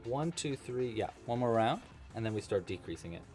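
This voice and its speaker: Lively, playful male crochet streamer. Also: medium pitch, a little fast, faint music behind. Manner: chatty and playful, chatting with his cat. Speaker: crochet instructor. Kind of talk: casual livestream crochet-along.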